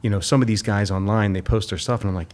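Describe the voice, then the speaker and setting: A man's voice: lowish voice, fairly even intonation, fast, a little mellow. A man hosting a podcast interview, talking casually and with enthusiasm, using a lot of "like". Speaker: podcast host.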